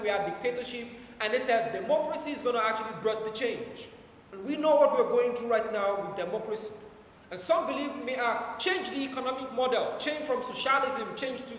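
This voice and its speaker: A man preaching a sermon to his congregation, his voice rising and falling in volume and slowing deliberately on every scripture line. He is recorded from a distance in a very echoey hall with a long reverb tail and a faint hum of the room behind him. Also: very high voice, fairly bright tone. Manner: emphatic, slows down for scripture quotes, volume rises and falls. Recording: echoey church hall from far off.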